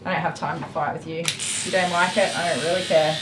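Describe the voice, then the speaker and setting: A woman's voice: on the low side, fairly even intonation, brisk, heavy background noise. An Australian woman in her thirties, a dog groomer chatting casually and rambling with frequent laughs while she works. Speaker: dog groomer streaming live. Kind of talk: casual chat while working. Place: grooming salon. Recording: echoey room with loud clipper buzz.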